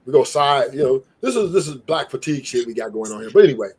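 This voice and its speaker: A man's voice: mid-range voice, animated, fast, darkish tone, slightly rough. A man on a live stream arguing heatedly, profane and combative, often repeating himself.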